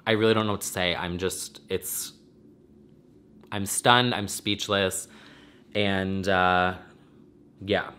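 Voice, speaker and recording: A man's voice: sits low, fairly even intonation, takes it slowly, pauses often, bright, forceful tone, slight background noise. A man hosting his own vlog, talking in a rambling, effusive and emotional way, teary and close to crying. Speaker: vlogger and podcast host. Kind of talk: casual emotional vlog monologue.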